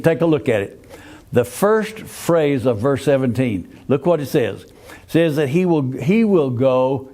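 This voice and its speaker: A man's voice: mid-range voice, mellow. An older man leads a Sunday school Bible class. He talks in a folksy, easygoing way, keeps asking the class questions, and often restarts his sentences.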